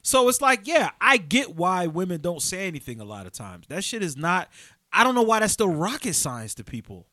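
A man's voice: high voice, sing-song, normal speed, bright, forceful tone, no room sound, studio quality. A man co-hosting a casual podcast, speaking bluntly and swearing freely as he makes his point. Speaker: podcast co-host. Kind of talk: casual chat.

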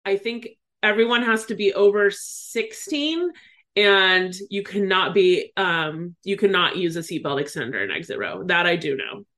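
A woman's voice: mid-range voice, lively intonation, moderate pace, fairly bright tone. A woman in casual conversation, ranting with indignation. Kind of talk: casual chat.

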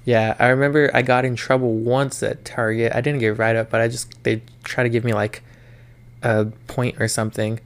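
Smooth-voiced young man telling stories. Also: medium pitch, level tone, moderate pace. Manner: storytelling with profanity, acting out work arguments. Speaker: podcast co-host. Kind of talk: casual chat.

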